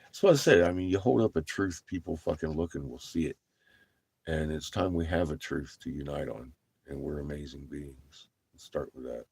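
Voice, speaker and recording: A man's voice: very deep voice, normal speed, darkish tone, slightly rough. A man ranting profanely to his viewers in a rambling monologue, laughing between lines. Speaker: livestreamer.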